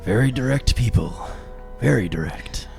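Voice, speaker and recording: A man playing a stern starship captain in a radio drama, speaking in a deliberate, commanding way. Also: mid-range voice, lively intonation, vocal fry, darkish tone, soft background music.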